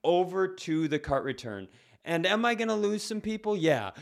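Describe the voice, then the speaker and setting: A man's voice: high voice, very animated, moderate pace, creaky. A man co-hosting a comedy podcast, rambling in loose casual chat, stopping and restarting his sentences and swearing freely. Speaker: podcast co-host.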